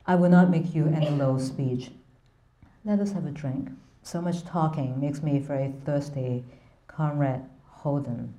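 A woman's voice: sits low, a little slow, mellow, dull audio. A woman reading aloud the lines of a jovial male Russian general from a novel. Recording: roomy echo.

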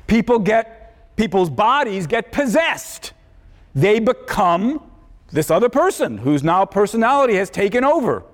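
A man giving a conversational university philosophy lecture, thinking aloud and correcting himself as he goes. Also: sits high. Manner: thoughtful, conversational, self-correcting. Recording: long lecture-hall reverb.

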